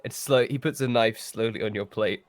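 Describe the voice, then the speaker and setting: A man narrating as game master of a tabletop role-playing game, playful and quick to slip into character voices. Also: fairly low pitch.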